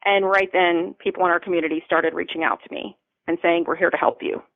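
A woman's voice: fairly low pitch, fairly even intonation, quick pace, gravelly, dry recording. A woman from Florida, a podcast guest, tells an emotional personal story in an earnest way and repeats phrases for emphasis. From Florida, USA. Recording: phone-like line, dry.

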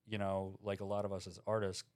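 A man's voice: low voice, level tone, fast talker, a little mellow, no echo, studio quality. A man co-hosting a podcast, a tattoo artist in casual chat, laid-back and rambling with lots of fillers.

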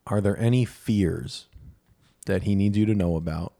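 A podcast co-host tells a candid, self-deprecating story in a casual way, acting out other people's lines. His voice is lowish, creaky and mellow, at a normal speed.

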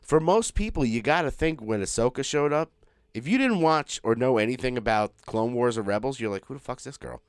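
A man's voice: mid-range voice, lively intonation, fairly quick, clear, resonant tone, no echo, studio quality. A man co-hosting a podcast, chatting casually, rambling with restarts and swearing freely. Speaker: podcast co-host. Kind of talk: casual chat.

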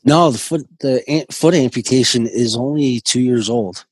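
A man in his forties, a guest telling his recovery story in a halting, earnest way with many restarts. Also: mid-range voice, slightly rough, no room sound, poor audio. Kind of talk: personal recovery story in conversation.

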